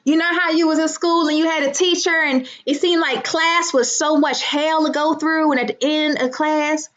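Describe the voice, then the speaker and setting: Woman, high voice, brash livestream chat, muffled lo-fi sound. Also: moderate pace. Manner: loud, profane, animated, greets viewers by name. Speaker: livestream host. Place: at home.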